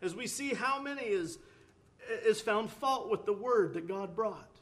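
A man's voice: high-pitched, expressive, a little slow, fairly bright tone. A man preaching a sermon, earnest, with rising emphatic bursts, often repeating words and restarting phrases.

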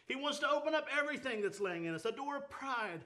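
Bright high-voiced man preaching. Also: animated, quick pace. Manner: folksy, fervent preaching with repetition. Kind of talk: sermon.

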